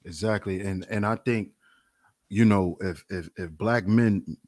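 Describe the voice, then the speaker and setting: A man's voice: on the low side, no room sound, studio quality. A man hosting a podcast, chatting casually and affirming his guest, with loose phrasing. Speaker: podcast host. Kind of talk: casual chat.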